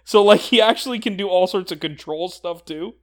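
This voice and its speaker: A man with a high voice talks a little fast as he co-hosts a podcast. He casually and eagerly breaks down the rules of a tabletop game, laughing often.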